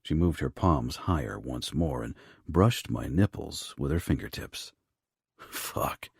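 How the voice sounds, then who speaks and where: A man narrating a first-person romance audiobook in a low, rough, hushed delivery. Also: lively intonation, unhurried, no room sound, studio quality.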